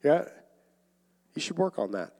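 Young guy preaching in a big echoey church, fairly high voice, gets loud then drops quiet. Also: sing-song, unhurried, vocal fry. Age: young adult. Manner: dynamic preaching, swinging from loud emphatic calls to quiet asides. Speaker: pastor. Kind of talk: sermon. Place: church sanctuary. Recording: long hall reverb.

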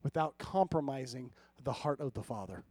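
A man's voice: mid-range voice, animated, normal speed, a little mellow, dry recording. A male pastor preaching a conversational sermon, telling humorous stories and often checking in with his listeners. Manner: conversational preaching with frequent audience check-ins; humorous storytelling.

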